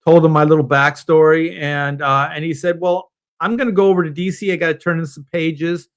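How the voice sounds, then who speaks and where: On a panel stream, a comic book artist guest, a middle-aged man from Southern California, rambles through a personal story via video call. His voice is a little high for a man, and he keeps breaking into quick impressions of the people involved.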